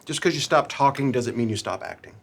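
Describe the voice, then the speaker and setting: A man's voice: medium pitch, a little fast, creaky. Man, drama panelist, earnest, mid-range voice, acts out examples. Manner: earnest, gives acted examples. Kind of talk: panel discussion.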